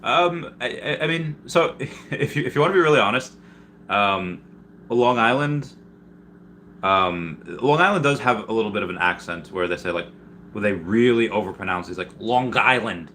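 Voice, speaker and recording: A man's voice: lowish voice, expressive, fairly quick, bright, forceful tone, slight background noise. A man from Peru hosting a casual live stream, reading viewer comments aloud and answering them in a rambling way, often restarting his sentences. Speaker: livestreamer answering chat.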